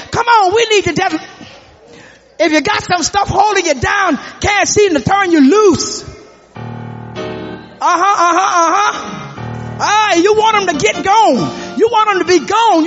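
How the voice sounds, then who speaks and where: A man preaching a fervent sermon, often shouting and calling out to the congregation for responses. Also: extremely high pitch. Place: church sanctuary. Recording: echoey hall, dull lo-fi sound.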